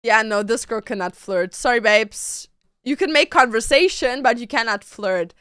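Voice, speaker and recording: A young woman streaming, chatting casually and reacting excitably, jumping to squealing highs. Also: moderate pace, clear, resonant tone, dry recording, studio quality. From Latin America.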